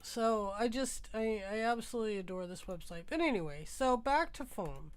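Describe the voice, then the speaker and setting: A woman's voice: on the high side, lively intonation, normal speed, smooth. A woman hosting a music livestream, musing aloud as she browses, tired and congested from a sinus infection. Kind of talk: casual livestream chat.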